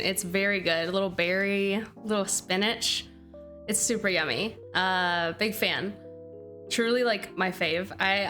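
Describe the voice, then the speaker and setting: A woman's voice: medium pitch, fairly bright tone. A young woman streaming a game who chats casually and bubbly with her viewers, thanking them by name. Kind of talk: casual livestream chat.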